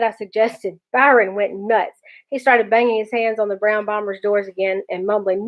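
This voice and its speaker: A woman teacher reading a children's chapter book aloud in a lively, expressive way. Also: medium pitch, moderate pace. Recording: dull lo-fi recording.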